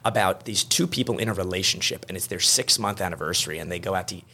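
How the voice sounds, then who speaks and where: A man with a low, gravelly voice is a guest on a podcast. He is an attorney who tells rambling stories and often stops to restart his sentences, with plenty of filler words along the way. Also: quick pace, sharp tone. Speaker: estate planning attorney, guest. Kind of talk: podcast interview conversation.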